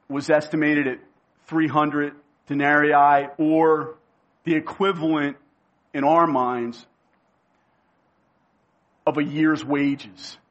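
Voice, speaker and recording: A male preacher giving a sermon. He speaks emphatically, repeats key phrases and slows down to give them weight. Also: on the high side, muffled recording.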